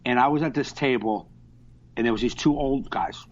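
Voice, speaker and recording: Man, podcast co-host, mid-pitched, animated, profane, dull call audio. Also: normal speed. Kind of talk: casual podcast chat. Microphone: video call.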